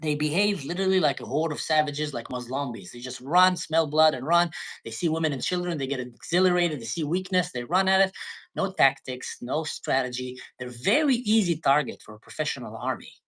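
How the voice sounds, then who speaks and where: A man's voice: fairly high pitch, lively intonation, a little fast, a bit bright. A man speaking as a guest in a live-stream discussion, talking emotionally and often breaking off to restart his sentences.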